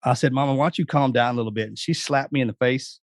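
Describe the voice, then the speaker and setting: A man's voice: mid-range voice, fast, dry recording, clean studio sound. A man, a guest telling folksy family anecdotes in a casual way. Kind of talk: casual storytelling.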